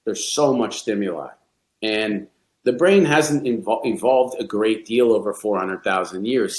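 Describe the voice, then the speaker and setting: A middle-aged man, a golf coach, speaking candidly and reflectively in a podcast interview, often restarting his sentences. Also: lowish voice. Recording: roomy echo.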